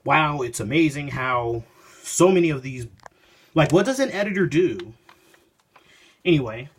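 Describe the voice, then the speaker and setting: A man's voice: a little high, lively intonation, measured pace, husky. A man casually reviewing a comic book, reading and paraphrasing panels aloud in a rambling, self-interrupting way, recorded on his phone.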